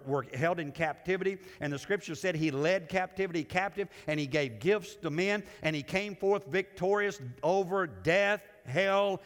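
A male pastor preaching a sermon. He swings between loud, lifted lines and hushed, low ones, and often repeats words as he builds a point. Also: big-room sound.

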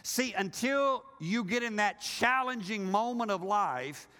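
An older male pastor delivers an animated sermon, slipping into quoted voices and teasing his congregation. His fairly high voice rises and falls widely. The sound carries the long reverb of a large hall. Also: measured pace.

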